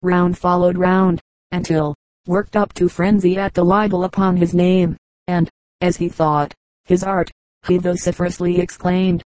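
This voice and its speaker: A woman narrates a comic story for an audiobook. Her voice is mellow and warm, and the recording is close and dry, with no room sound. She reads briskly and changes into the quoted characters' lines as they come. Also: on the low side, little pitch movement, dry recording, poor audio. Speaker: audiobook reader.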